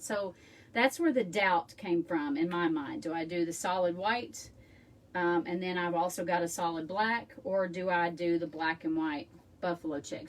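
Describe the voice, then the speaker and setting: A woman hosting a casual live craft tutorial, chatting and rambling with friendly asides to her viewers from her home. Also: on the low side. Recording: room mic from a distance, faint background noise.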